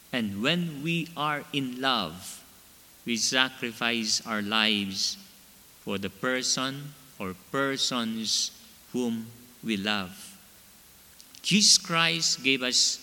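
A man preaching a sermon, emphatic and measured in short phrases. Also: medium pitch, pushed and bright, long reverb tail.

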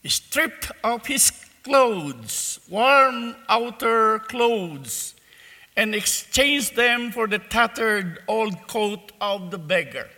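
A male preacher delivers a sermon, telling his congregation a parable very slowly and deliberately. His high, strikingly bright voice has lively intonation and rings out with the long reverb of a large church.

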